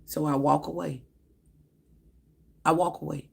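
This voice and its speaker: A woman telling a personal story on a casual vlog. Her voice is very gravelly and husky, and she slips into the lines of each person she quotes. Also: sits low, measured pace. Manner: animated storytelling that acts out quoted dialogue. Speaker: vlogger.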